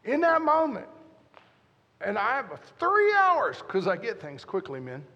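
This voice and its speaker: Animated preaching man in a reverberant church. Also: high-pitched, unhurried, muffled recording. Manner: animated, joking, talks straight to the crowd. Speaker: guest pastor. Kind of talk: sermon storytelling.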